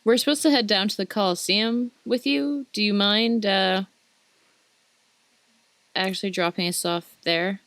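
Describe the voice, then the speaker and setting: A woman's voice: medium pitch, unhurried, long pauses, a bit bright, dry recording. A woman playing a tabletop game, talking casually and a little hesitantly. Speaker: player.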